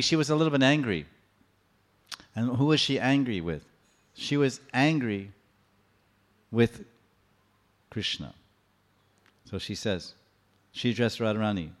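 A man giving a sermon, explaining scripture and acting out the stories in a lively manner. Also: mid-range voice. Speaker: preacher. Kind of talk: sermon with storytelling.

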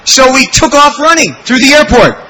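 High-voiced animated male storyteller. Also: normal speed, a little hiss or hum, low-quality recording. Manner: animated, exclamatory, acts out quotes. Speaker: devotional speaker. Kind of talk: storytelling sermon.

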